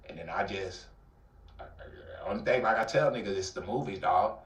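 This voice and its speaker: A man with an Atlanta accent telling a dramatic personal story in an interview, acting out the voices and swinging between loud outbursts and near-whispers. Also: fairly low pitch, normal speed. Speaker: guest telling his life story. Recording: roomy, somewhat distant mic.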